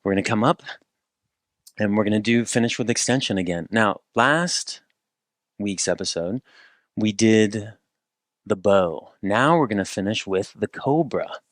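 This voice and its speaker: Low-voiced man guiding a workout. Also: unhurried, long pauses, dry recording, clean studio sound. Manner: calm step-by-step cueing with playful asides. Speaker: movement and rehab instructor. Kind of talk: guided exercise instruction.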